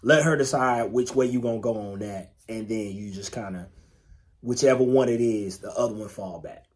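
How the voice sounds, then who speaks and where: A man's voice: on the low side, normal speed. A man co-hosting a podcast in casual chat, laid-back and emphatic, swearing freely and repeating phrases to drive a point home. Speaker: podcast co-host.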